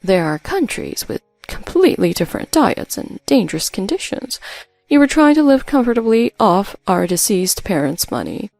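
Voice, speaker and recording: A stern sister talks in a firm, brisk way, raising her voice to scold, as a woman acts her out. Her tone has a gravelly texture at the bottom. The sound is dry and close. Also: medium pitch, sing-song, a little mellow, no echo, faint music behind. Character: stern, scheming older sister, brisk and unsympathetic.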